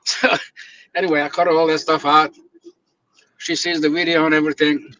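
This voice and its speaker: A man's voice: fairly high pitch, moderate pace, no echo. A man telling stories in casual chat, acting out the people he quotes and laughing often. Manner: animated storyteller, acts out quotes, laughs often. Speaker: guest videographer. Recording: dull lo-fi dry sound.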